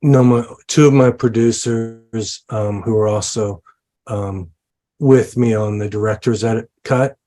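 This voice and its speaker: In an interview, a man who directs films and lives in New Orleans talks about his latest work, stumbling through many fillers and restarts. His lowish, dark voice moves at a measured pace with fairly even intonation.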